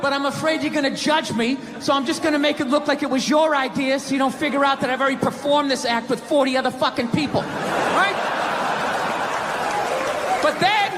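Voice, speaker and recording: A man doing a stand-up comedy routine on a theater stage, ranting loudly and acting out voices of other people. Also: extremely high pitch, fairly quick, heavy background noise. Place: theater stage before a live audience. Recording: live theater recording with crowd laughter.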